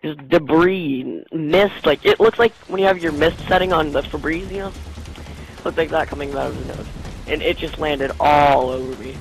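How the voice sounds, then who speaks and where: A man's voice: a little high, moderate pace, vocal fry, a little hiss or hum, low-quality recording. A man hosting a gaming channel who answers questions in a rambling, crude, joking way, packing his talk with "like" and "you know". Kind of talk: joking Q&A over gameplay.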